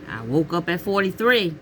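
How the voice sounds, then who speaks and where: A middle-aged woman talking casually to camera with emphatic, expressive delivery, calling listeners honey and child and calling out to God. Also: mid-range voice, slow, slight background noise. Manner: peppers talk with exclamations to God. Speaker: vlogger giving relationship advice.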